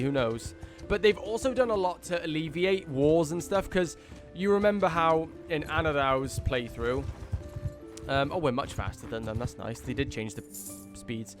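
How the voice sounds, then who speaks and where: A man giving casual let's-play commentary as he plays, rambling with lots of fillers and breaking into excitement. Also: fairly high pitch. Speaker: gaming video host.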